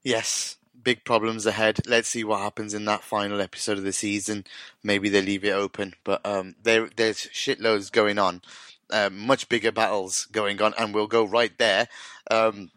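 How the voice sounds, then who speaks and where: A man's voice: fairly low pitch, little pitch movement, normal speed, fairly bright tone, dry recording. A man hosting a podcast, chatting animatedly, laughing and swearing freely. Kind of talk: casual chat.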